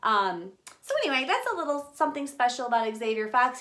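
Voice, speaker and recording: A woman hosting a children's storytime, reading a picture book aloud and talking directly to young kids in an animated, expressive way. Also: on the high side, brisk.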